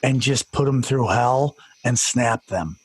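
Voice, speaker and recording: A man's voice: medium pitch, slow pace, slightly rough, no room sound. A man guesting on a podcast as a comedian, talking casually and bluntly with lots of slang. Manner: blunt, slangy, says "dude" a lot.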